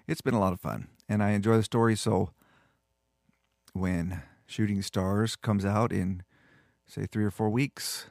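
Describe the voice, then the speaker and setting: A man's voice: on the low side, creaky, a little mellow, no echo, studio quality. An older man with grandchildren, chatting in an easygoing way before reading his story. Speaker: story contributor. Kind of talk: casual chat.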